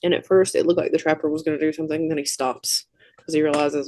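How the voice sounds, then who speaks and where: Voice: medium pitch, quick pace, no echo. A podcast co-host chattily recapping a film scene by scene, tossing in wry asides. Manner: chatty, animated storytelling with asides. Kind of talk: casual movie recap.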